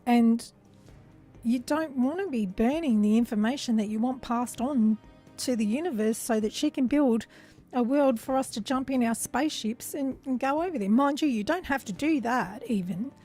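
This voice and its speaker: A woman with a fairly high, mellow voice, talking her way slowly through a spiritual monologue. She sounds earnest and unhurried, often drawing her words out. Faint music plays behind her. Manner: earnest, musing, slow and drawn out. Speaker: host.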